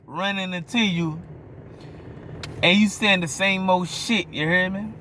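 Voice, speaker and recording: A man's voice: high-pitched, measured pace, bright, forceful tone, slight background noise. A man with a New Orleans accent giving a blunt, profane opinion monologue, often stopping to ask if you hear him. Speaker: vlogger.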